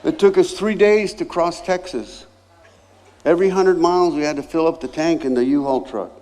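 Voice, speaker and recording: Older guy pastor telling a funny story from the pulpit, fairly high voice, plays all the parts himself. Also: normal speed. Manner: animated, acts out voices in his anecdotes. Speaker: guest pastor. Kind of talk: storytelling sermon.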